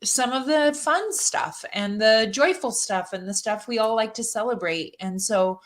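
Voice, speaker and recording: A woman's voice: a little high, measured pace. A woman chatting openly as a podcast guest, laughing easily and often restarting her sentences. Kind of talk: casual podcast chat.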